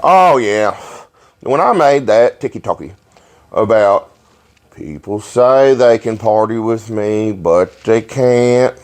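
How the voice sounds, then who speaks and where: Profane, animated man telling wild stories. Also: lowish voice, takes it slowly. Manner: profane, animated, laughing storyteller. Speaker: podcast host. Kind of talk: casual storytelling chat.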